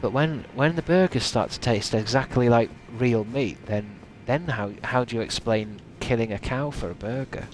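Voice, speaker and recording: A man's voice: mid-range voice, normal speed, hardly any pauses, slight background noise. A man streaming a game, musing aloud in casual, rambling chat with many restarts.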